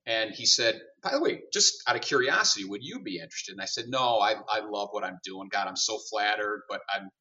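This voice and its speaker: Guesting on a podcast, a middle-aged CEO lively tells the story of his career and acts out both parties in each conversation. His lowish voice is bright and forceful, a little fast with barely a pause, and it was recorded from a distance, sounding dull and muffled.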